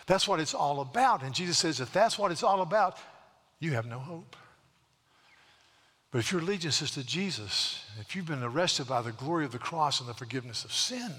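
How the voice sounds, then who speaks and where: Bright-voiced male pastor preaching in a hall. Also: on the high side, expressive. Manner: earnest preaching, slows for emphasis, repeats words. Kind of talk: sermon. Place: church sanctuary. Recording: long hall reverb.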